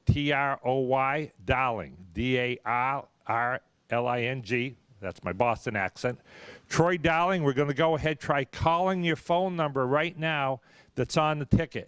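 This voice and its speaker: A man hosting a live charity raffle drawing at a car museum, folksy and chatty, spelling names out slowly. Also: a little high, clear, resonant tone, no room sound. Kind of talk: live event announcing. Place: car museum event hall.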